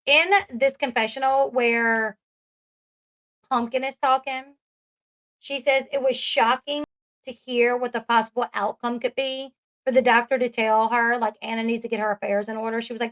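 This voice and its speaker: A woman's voice: on the high side, steady tone, moderate pace, a bit bright. A woman giving a casual, chatty recap commentary, full of fillers and asides. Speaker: commentary vlogger.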